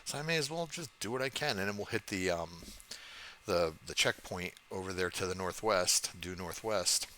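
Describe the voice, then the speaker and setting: Deep-voiced, profane gamer in his fifties. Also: moderate pace, bright, forceful tone, slight background noise. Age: 50s. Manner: rambling, profane, self-mocking humor. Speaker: gaming channel host. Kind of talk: casual let's-play commentary.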